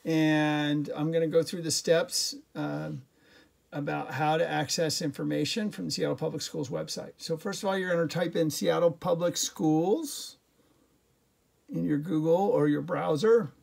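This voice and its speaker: A man's voice: on the high side, steady tone, a little slow, creaky, a little mellow. A middle-aged male teacher giving a recorded class lesson, chatty and jokey, with lots of fillers and restarts.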